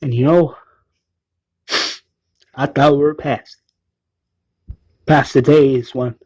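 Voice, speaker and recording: A man's voice: medium pitch, fairly even intonation, slow, warm tone, no room sound, highs cut off. A man casually recapping an episode, relaying each character's lines with "is like" and often restarting his sentences. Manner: retells scenes with "is like" quotes and frequent restarts.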